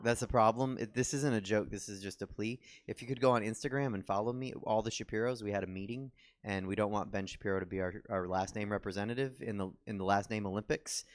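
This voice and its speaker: A man's voice: fairly low pitch, fast, hardly any pauses. A young man doing a stand-up comedy set on a theater stage, rambling and self-deprecating with lots of ums and restarts.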